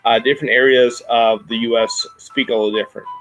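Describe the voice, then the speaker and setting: A man with a Midwestern American accent, explaining things in a casual chat, halting with many ums and restarts. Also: mid-range voice, fairly even intonation, fairly bright tone, soft background music, low-quality recording. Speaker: podcast host.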